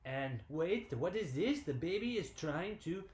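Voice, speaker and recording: A man's voice: on the high side, big pitch swings, unhurried, a little mellow, reverberant. A man voicing a pair of puzzled cube parents in a put-on French accent, exclaiming and wondering about their baby. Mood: puzzled, excited.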